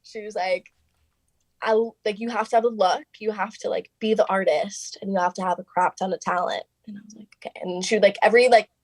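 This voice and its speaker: A young woman talking as a guest on an interview show, chatty and animated, scattering "like" through every sentence and jumping into quoted lines. Her voice sits at an ordinary middle pitch. The sound is close and dry, with no room around it. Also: fairly quick, no echo. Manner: chatty, fillers of "like" throughout, quoting others in lively bursts. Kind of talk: casual interview storytelling.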